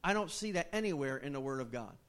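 A man preaching a sermon in an animated, conversational way, posing questions to his listeners. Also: medium pitch, fast talker.

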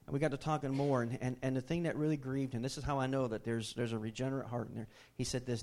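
A man's voice: medium pitch, fast talker, hardly any pauses. A middle-aged man preaching a sermon, telling a family story in a folksy way with many restarts. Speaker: pastor.

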